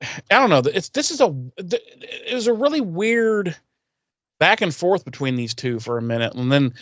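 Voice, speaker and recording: A man's voice: high voice, lively intonation, fairly bright tone, no echo. Rambling, profane man recapping TV. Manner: rambling, profane, acts out characters in quick voices. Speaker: podcast co-host recapping an episode. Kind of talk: casual chat, retelling scenes.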